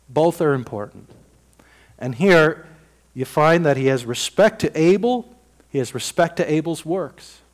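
A man delivering a sermon with a somewhat high-pitched voice. He talks in a folksy, conversational manner, voicing dialogue himself. He rises to loud bursts and then drops to quiet asides. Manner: swings between loud bursts and dropped-voice remarks. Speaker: preacher.

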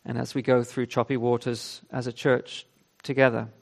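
A man's voice: medium pitch, level tone, normal speed, gravelly. A man preaching a sermon, reading scripture with emphasis and then explaining it in an earnest, conversational way. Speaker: pastor.

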